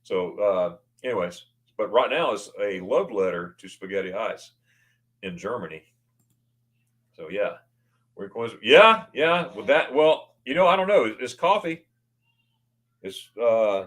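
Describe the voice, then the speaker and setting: With a medium-pitched, unhurried delivery and long pauses, this U.S. livestream host says hello to viewers by name and reads their comments. He's excitable and tends to stammer, restarting his words.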